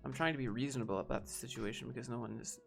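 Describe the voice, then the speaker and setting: A young man, a guest, telling a frustrated, halting personal story in a casual way. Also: mid-range voice, vocal fry, a bit bright, soft background music.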